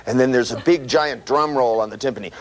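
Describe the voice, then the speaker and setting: A man giving a live seminar lecture, animated and profane, full of "you know" and "right", acting out sounds with his voice. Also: medium pitch, fairly quick. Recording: noisy old tape recording with clicks.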